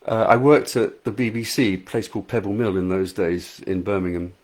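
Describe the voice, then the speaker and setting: Reading viewer comments aloud, a middle-aged English author chats casually on a live stream, often self-deprecating. He speaks fairly quickly in a lowish, slightly mellow voice.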